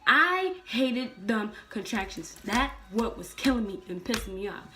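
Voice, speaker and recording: A woman's voice: fairly high pitch, sing-song, unhurried, sharp tone. A young woman telling her own story in a casual, blunt and profane way, acting out the people in it. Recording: distant mic with faint background noise.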